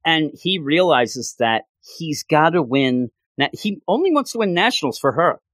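A man talks through a story recap with animated, excitable energy. His voice sits a touch high and swings widely up and down, and the sound is close and dry with no room around it. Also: normal speed, no room sound. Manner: animated, excitable retelling with playful voices for characters. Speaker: podcast co-host reviewing manga chapters. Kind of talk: casual chat.

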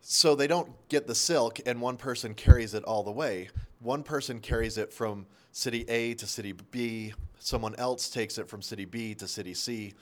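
A male teacher giving a short, casual history lesson, talking conversationally with asides and self-corrections. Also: medium pitch. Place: local area near Salt Lake.

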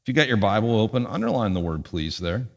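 Lively preaching man in a reverberant hall. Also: fairly low pitch, fast, gravelly. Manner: lively preaching, punchy emphasis and sudden quiet asides. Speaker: pastor. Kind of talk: sermon. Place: church sanctuary.

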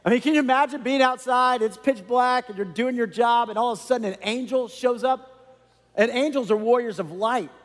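A man preaching a sermon as a pastor, animated and conversational, with many asides to the congregation. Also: extremely high pitch, a little fast, in a large hall.

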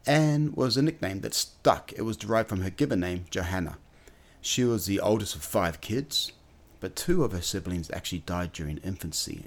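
Man, low deep voice, earnest podcast host, storytelling monologue. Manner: earnest, storytelling, occasional filler words.

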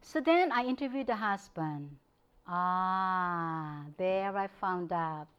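A woman giving a public lecture, telling stories from her practice in an animated way, often breaking into laughter. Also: fairly low pitch, slow pace, clear, resonant tone, muffled recording. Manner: animated storytelling, frequent laughter. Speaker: guest speaker. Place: lecture hall.

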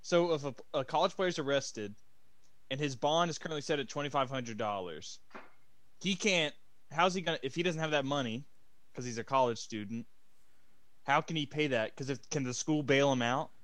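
A man's voice: mid-range voice, normal speed, fairly bright tone, dry recording. A young man co-hosting a sports podcast, ranting goofily and rambling from one thought to the next. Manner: goofy, rambling rants. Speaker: podcast co-host. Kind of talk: casual sports chat.

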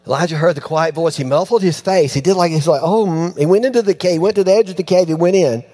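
A man preaching a sermon, telling a story with lively, acted-out voices and sudden drops to hushed, near-whispered lines. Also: fairly high pitch, fast. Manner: animated storytelling, acts out voices, dropping to near-hushed tones. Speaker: pastor.

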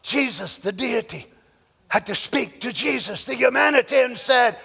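High-voiced impassioned male preacher. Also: moderate pace, gravelly, husky. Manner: impassioned, swings from shouting to hushed. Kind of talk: sermon. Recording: long hall reverb.

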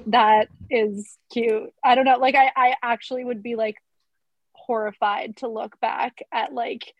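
Animated higher-voiced woman, dry sound. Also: measured pace, dry recording, highs cut off. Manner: animated, self-deprecating, lots of fillers. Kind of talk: casual podcast chat.

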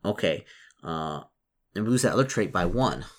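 A man narrating a solo tabletop role-play and reading out his dice rolls, often halting, repeating and restarting his words. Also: low voice, animated. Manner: halting, full of repetitions and restarts.

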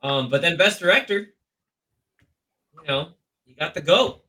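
A man co-hosting a podcast, leading a chatty, lively chat about film awards. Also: a little high, a little slow. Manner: chatty, lively, leads the talk. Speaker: podcast co-host.

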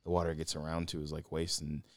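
A young man co-hosting a casual podcast, an excitable storyteller who acts out voices in his anecdotes. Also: rumbling low, quick pace, no echo. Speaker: podcast co-host. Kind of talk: casual chat.

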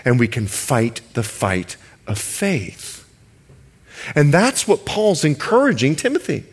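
A male pastor from the Bahamas preaching a sermon. He stretches key words slowly for emphasis and jokes with the congregation. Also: mid-range voice, wildly swooping pitch, breathy edge.

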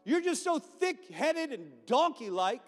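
A man's voice: sing-song, slow pace, in a large hall, faint music behind, exaggerated voice. A man voicing a cheeky, exasperated male talking donkey in a sermon, speaking in a slangy, indignant way. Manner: slangy, indignant, high squeaky delivery. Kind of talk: preaching.

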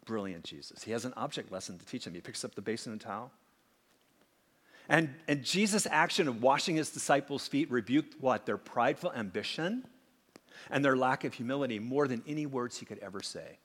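A man preaching a sermon, swinging from emphatic acted-out quotes to hushed asides. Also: mid-range voice, lively intonation, fairly quick, husky. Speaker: pastor. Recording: long hall reverb.

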